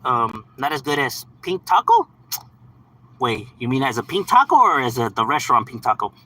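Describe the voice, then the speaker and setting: Bright slangy man ranting on stream. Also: medium pitch, big pitch swings, moderate pace, rough recording. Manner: slangy, profane, laughs often, repeats "bro" and "homie". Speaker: live streamer. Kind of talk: casual livestream monologue answering chat.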